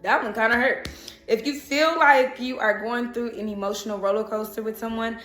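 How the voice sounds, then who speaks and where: A woman's voice: fairly high pitch, steady tone, normal speed, a bit bright, reverberant, soft background music. A woman giving a casual, chatty tarot reading who often laughs. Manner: chatty, laughs and breaks into song. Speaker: tarot reader.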